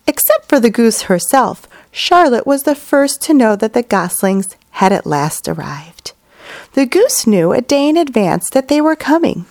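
Expressive woman narrating a storybook. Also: on the high side, creaky, no echo, clean studio sound. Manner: expressive and sing-song.

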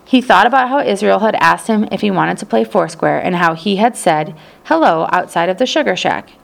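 Gravelly-voiced woman narrating an audiobook. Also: mid-range voice, a little fast.

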